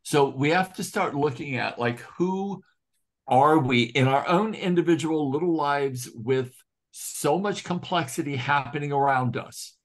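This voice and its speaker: A man's voice: fairly high pitch, unhurried. A man in a casual spiritual group discussion over a video call, talking in an earnest, heartfelt and reflective way. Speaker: study group participant.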